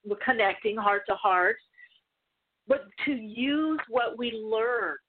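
A woman's voice: on the high side, takes it slowly, a little hiss or hum. Woman on a tinny phone-like line. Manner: rambling, with many asides and restarts. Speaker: spiritual teacher. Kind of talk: casual storytelling talk.

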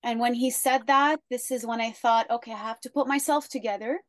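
A woman guest telling her story in an interview, earnest and measured. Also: fairly high pitch, fairly even intonation, no room sound.

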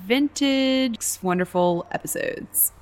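A woman co-hosting a podcast, chatting in a good-humored, gently apologetic way. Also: fairly high pitch, slow pace. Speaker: podcast co-host. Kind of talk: casual podcast chat.

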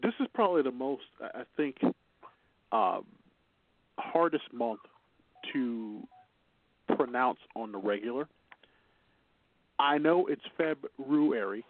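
A man's voice: medium pitch, expressive, measured pace, long pauses, dry recording. Chatty Chicago man on a phone line. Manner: rambling, laughs often, fillers and restarts. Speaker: radio show host. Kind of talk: casual talk radio banter. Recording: phone-line internet radio.

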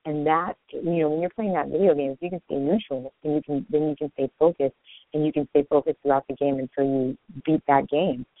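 A man hosts a spiritual call-in radio show, talking quickly and earnestly off the top of his head. His voice sits a little high and comes through a narrow, tinny phone-like line with a dry, close sound. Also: fairly even intonation, dry recording. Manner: fast, improvised, earnest. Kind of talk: spiritual talk monologue.

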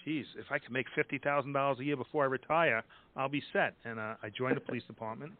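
A middle-aged man, guest in a casual interview, relaxed and full of you-knows. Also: mid-range voice, quick pace. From Long Island, New York. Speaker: guest accountant. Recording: dry, tinny phone line.

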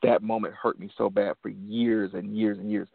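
A man's voice: fairly low pitch, little pitch movement, normal speed, vocal fry, husky, dry recording. A man in his forties, from Detroit, hosting a motivational show and telling a personal story earnestly, repeating phrases for emphasis. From Detroit, USA. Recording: dry phone-line sound.

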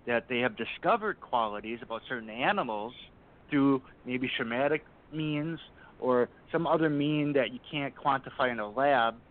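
A man talks as a guest in a relaxed interview, driving his points home and repeating pointed questions for emphasis. His voice sits at a middle pitch. The audio is narrow and tinny, like it is heard over a telephone. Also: normal speed. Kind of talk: casual interview chat. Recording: tinny phone-like line.

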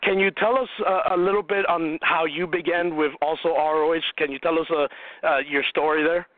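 A fairly high-voiced male host asks his questions in a chatty, loose way, padding them with "uh" and "you know". His voice is dry and thin, as if it comes through a phone line. He keeps the exchange casual. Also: steady tone, fairly quick, no echo. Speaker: radio show host. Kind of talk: casual interview.

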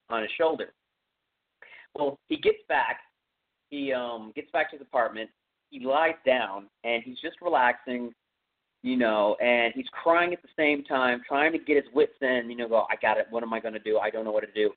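Rambling Texan man on a tinny line. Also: mid-range voice. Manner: rambling, filler-heavy retelling. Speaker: podcast host. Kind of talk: casual movie recap. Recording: tinny phone-like audio.

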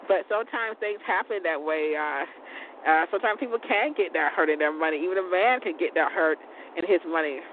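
A woman's voice: lowish voice, fairly quick. A woman hosting a call-in talk show, chatting frankly in a casual monologue. She stumbles over words, repeats herself and laughs often. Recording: tinny phone line, faint noise.

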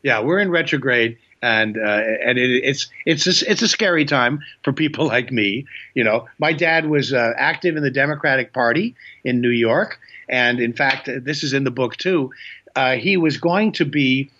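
An older comedian telling stories from his career in a casual, halting way, with many restarts. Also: medium pitch, bright, forceful tone, dull audio. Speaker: guest comedian. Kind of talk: casual storytelling.

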